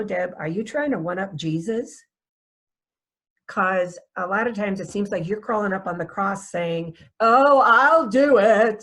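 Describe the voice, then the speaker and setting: A woman's voice: lowish voice, husky. A woman from North Dakota, a foster care trainer, giving a webinar talk in a conversational storytelling way, often checking in with "right?". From North Dakota, USA. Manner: conversational, asks rhetorical "right?" questions; storytelling with personal anecdotes.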